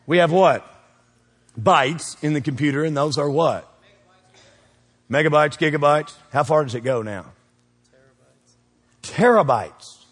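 Preacher man, booming and hushed by turns. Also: unhurried, pauses often, breathy edge. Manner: call-and-response preaching, asks the crowd to fill in words; swings between loud peaks and quiet low asides. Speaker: pastor. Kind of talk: sermon. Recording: long reverb of a church hall.

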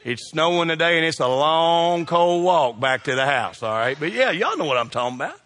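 Man, middle-aged pastor, folksy comic sermon, bright forceful voice, higher pitch. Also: normal speed. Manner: folksy, animated, shouts punchlines. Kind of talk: humorous sermon storytelling.

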